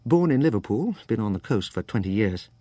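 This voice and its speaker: A man voicing a smooth, inquisitive English-born art dealer in his forties, with a light English accent, in an audiobook reading. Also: on the low side, very animated, brisk, warm tone, no room sound. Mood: curious.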